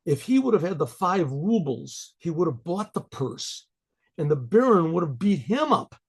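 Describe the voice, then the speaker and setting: A man's voice: on the high side, sing-song, normal speed, creaky, husky. A male rabbi telling a folk story in a loose, conversational way, restarting his sentences often.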